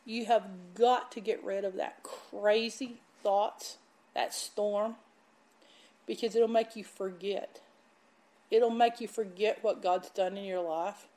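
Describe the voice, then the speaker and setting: A woman preaching a sermon, emphatic and animated as she tells stories. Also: medium pitch, takes it slowly. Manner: animated, emphatic, laughs while telling stories. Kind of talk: sermon with storytelling.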